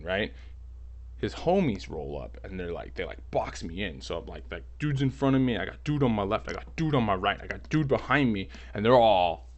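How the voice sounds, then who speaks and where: A man telling a personal story in a casual, rambling, animated way, filling his talk with "like", at home. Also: fairly low pitch. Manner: rambling, animated, heavy use of "like".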